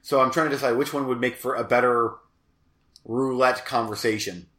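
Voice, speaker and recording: A man's voice: mid-range voice, fairly even intonation, normal speed, fairly bright tone, echoey room. A man co-hosting a casual podcast chat, rambling and self-deprecating, with lots of fillers and a crackly voice. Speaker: podcast co-host.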